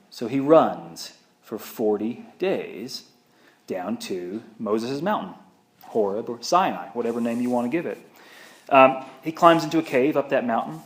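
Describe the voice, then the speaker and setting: A male pastor gives a sermon in a reverberant church sanctuary. His voice sits at a middle pitch, and he retells the story casually and with energy. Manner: conversational storytelling, animated. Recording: echoey church room.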